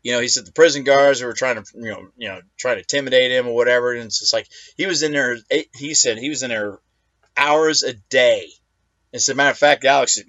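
A man's voice: mid-range voice, quick pace, fairly bright tone, no echo, muffled recording. A man hosting his own talk show, delivering a profane, combative political rant. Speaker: host.

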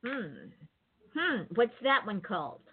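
A woman's voice: on the high side, very animated, slow, breathy edge. Woman, interview host, casual chat, rambling storyteller, tinny phone sound.

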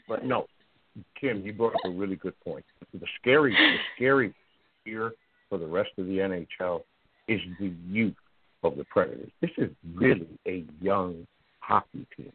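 A low-pitched, husky man with a Southern US accent hosts a sports talk show, animated and teasing, and he stumbles over repeated words. His voice comes through a thin, phone-like line that sounds dry and close. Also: moderate pace, dry recording.

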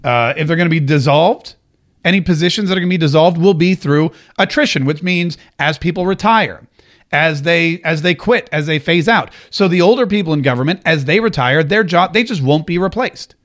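A man with a fairly high voice hosts an offhand political talk show. He rambles and jokes, often restarting his sentences as he goes. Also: brisk, fairly bright tone. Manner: rambling, joking, frequent restarts. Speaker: podcast host. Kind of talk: casual political commentary.

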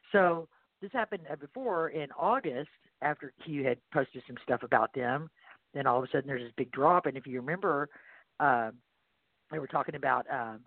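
A man with a Texan accent hosting a radio show, reading posts aloud in a rambling, halting way. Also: mid-range voice, no echo. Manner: rambling, halting with many fillers. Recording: tinny phone-like line, dry.

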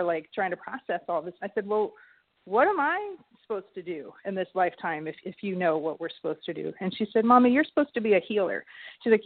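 Lively middle-aged woman on a tinny line. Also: medium pitch. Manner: lively, animated storyteller, acts out quoted voices. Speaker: guest, holistic health coach. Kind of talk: storytelling in a casual interview.

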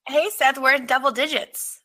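A woman's voice: high-pitched, fairly even intonation, moderate pace, sharp tone. A woman co-hosting a podcast, chatting casually and laughing often. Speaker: podcast co-host.

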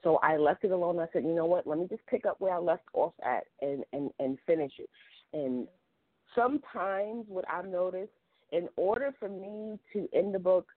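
Woman author as a talk-show guest. Animated storyteller. Phone-line sound. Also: lowish voice, normal speed, dry recording. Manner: animated storyteller, acts out quoted dialogue. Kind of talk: casual chat.

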